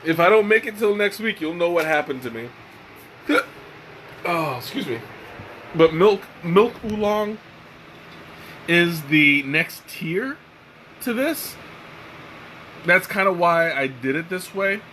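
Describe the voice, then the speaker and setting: A tired, relaxed man hosting a live tea-tasting stream, chatting casually and rambling with lots of fillers and restarts. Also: fairly high pitch, unhurried, long pauses, a little hiss or hum, rough recording. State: tired and mellow. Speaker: tea livestream host.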